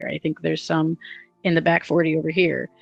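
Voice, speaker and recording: A woman's voice: deep voice, little pitch movement, fairly quick, creaky. A young woman telling a long personal story in a casual, rambling way, often giggling and using fillers. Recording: dull lo-fi audio with faint music.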